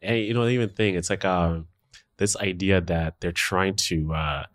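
A man co-hosting a podcast, chatting casually and acting out what other people say in exaggerated voices. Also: moderate pace. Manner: animated, acts out quotes in high voices. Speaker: podcast co-host. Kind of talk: casual chat.

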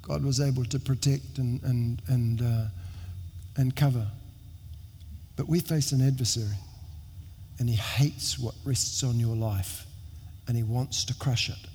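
A middle-aged male pastor preaching in a church hall, his mid-pitched voice carrying a long echo around him. He talks earnestly and conversationally, often restarting his sentences and making wry asides about himself. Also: fairly even intonation, unhurried, a little mellow, slight background noise. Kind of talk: sermon with storytelling. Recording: long reverb of a large hall.

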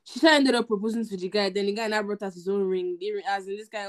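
A young Nigerian woman co-hosting a casual podcast chat, telling stories in a relaxed way with pidgin words mixed in. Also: medium pitch, quick pace. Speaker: podcast co-host.

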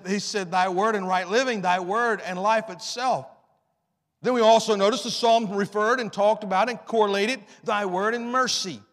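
A middle-aged male preacher with a high-pitched voice delivers an impassioned sermon. He rises to loud, emphatic peaks, sinks into soft, low passages, and reads scripture in slow, drawn-out phrases. His voice carries a long reverb, as in a church hall.

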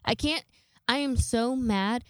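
A woman's voice: a little high, takes it slowly, clear, resonant tone, no echo. A young woman hosting a casual solo podcast, rambling and self-deprecating with casual swearing, a little congested from a sinus infection. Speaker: podcast host.

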